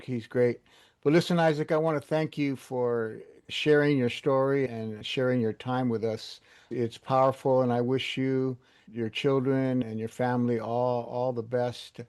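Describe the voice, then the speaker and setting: A man hosts a podcast in a middle-pitched voice. He speaks encouragingly, praising his guest as brother, then signs off with listener announcements. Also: a little mellow. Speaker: podcast host. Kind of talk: podcast interview and sign-off.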